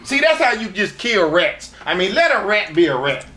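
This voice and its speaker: Brief: male interview guest, higher voice, crude rambling stories, echoey room. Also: very animated, moderate pace, bright, forceful tone. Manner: crude, rambling, laughs through his stories. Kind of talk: profane shoot-interview storytelling.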